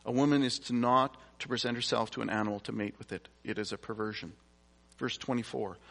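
A man with a medium-pitched, slightly bright voice preaches, reading from scripture and explaining it in an easygoing, conversational style with casual asides. The recording carries the long reverb of a large hall.

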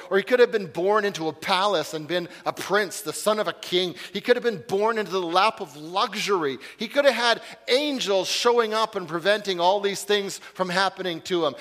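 A male pastor preaching a sermon, swinging between loud rhetorical questions and hushed, intimate passages, often repeating his words for emphasis. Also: sits high, in a large hall.

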